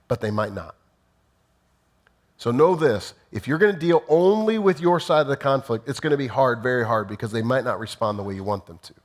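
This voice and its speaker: A man's voice: mid-range voice, expressive, brisk. A male pastor delivering a conversational sermon, emphatic and full of rhetorical questions.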